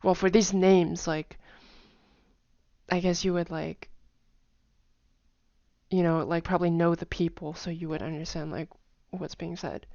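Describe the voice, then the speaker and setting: A woman's voice: fairly low pitch, little pitch movement, measured pace, pauses often, dark tone, no room sound, dull audio. Chatty woman explaining tones, dry sound. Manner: chatty, many fillers, hums and sings tone patterns. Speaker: language teacher. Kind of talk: casual explanatory lesson.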